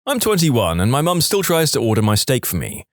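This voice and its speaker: A man narrating reddit-style stories in an expressive, scripted storytime manner. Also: medium pitch, fairly quick, dry recording, studio quality. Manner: lively, expressive reading.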